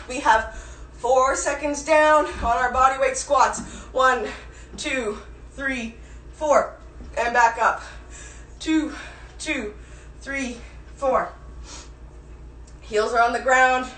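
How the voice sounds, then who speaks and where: A woman's voice: sits high, a bit bright, slight background noise. A woman fitness instructor leading a live-streamed workout class, counting reps aloud and cueing form, out of breath at times. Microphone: phone camera at a distance. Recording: echoey room voice from a distance.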